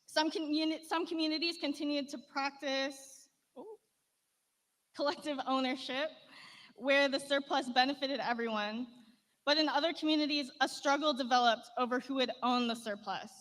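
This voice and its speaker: Woman giving a steady explanatory conference talk, high voice, echoing hall. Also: normal speed. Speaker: conference speaker. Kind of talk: prepared speech. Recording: played-back speech with long hall reverb.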